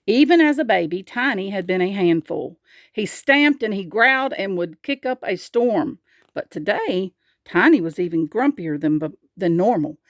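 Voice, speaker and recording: A woman reading a picture book aloud, slow and expressive, asking the listener questions. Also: medium pitch, no echo, studio quality. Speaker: storyteller.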